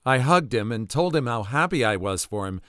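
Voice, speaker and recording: A man reading online stories aloud with lively storytelling. His pitch swings widely as he speaks. The sound is dry, with no room echo. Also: normal speed. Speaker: narrator.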